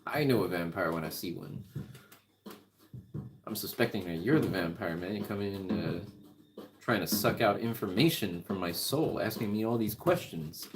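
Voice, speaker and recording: A man's voice: deep voice, lively intonation, normal speed. A man talking in a casual, rambling monologue, riffing and swearing freely. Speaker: music vlogger. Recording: clicking background noise.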